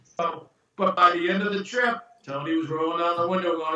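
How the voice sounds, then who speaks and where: Dull, roomy audio with the mic at a distance carries a fairly high-pitched man at moderate pace. He's a screenwriter and producer being interviewed about screenwriting, and he tells his stories animatedly and casually, acting out each quoted voice.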